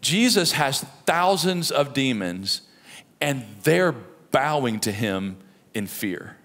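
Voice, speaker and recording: A middle-aged pastor preaching a sermon in a conversational, storytelling way, with frequent "right?" asides. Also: male voice, mid-range voice, sing-song, slow pace, a bit bright. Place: church sanctuary. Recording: long reverb of a church hall.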